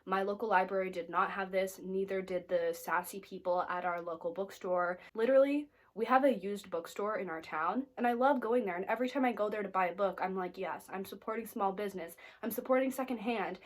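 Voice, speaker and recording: A woman's voice: medium pitch, a little fast, few pauses. An American woman chatting casually about her reading, filling her talk with "like" and teasing asides. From United States. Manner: chatty, lots of "like" fillers, playfully snarky. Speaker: book vlogger. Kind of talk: casual reading wrap-up chat.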